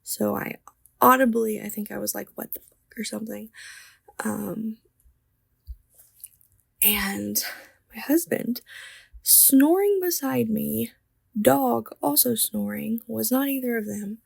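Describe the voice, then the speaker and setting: Young woman artist vlogger, slow and dry-voiced, casual storyteller who laughs and whispers. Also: a little high, creaky, slightly rough, no echo. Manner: chatty, laughing, drops to whispers. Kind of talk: casual storytelling while sketching.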